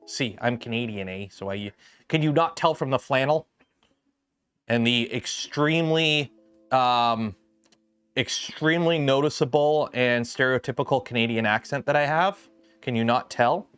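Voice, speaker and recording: A man's voice: medium pitch, a little slow, a bit bright, smooth, no room sound, faint music behind. A man hosting a casual livestream from his garage workshop, chatting loosely with lots of ums and restarts as he builds. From lives south of Detroit. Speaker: livestream host building a 3D printer.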